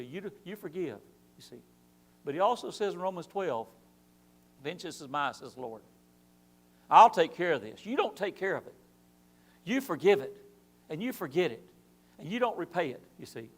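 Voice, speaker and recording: Lively high-voiced man teaching Bible class. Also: brisk, pauses often. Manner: animated preaching with rhetorical questions and acted-out quotes. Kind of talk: church Bible class lesson. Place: church.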